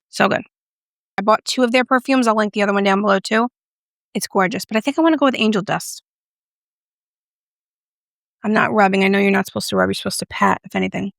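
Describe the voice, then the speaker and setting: A chatty woman talks through a makeup review in a playful, joking way. Her voice carries a gravelly edge of vocal fry, and it sounds dry and close, with no room echo. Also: a little high, a bit bright. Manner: playful, chatty, jokey asides. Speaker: beauty vlogger.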